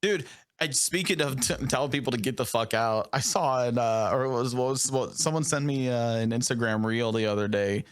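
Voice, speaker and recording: A man's voice: medium pitch, fairly quick, clean tone, no room sound. Dry-sounding man cracking wry quips. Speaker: podcast co-host or guest. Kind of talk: casual chat.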